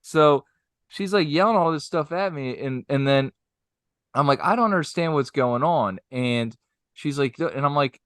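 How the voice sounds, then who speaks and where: A man casually telling a story on a podcast, animated and acting out the voices of the people in it. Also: a little high, normal speed, no echo, studio quality.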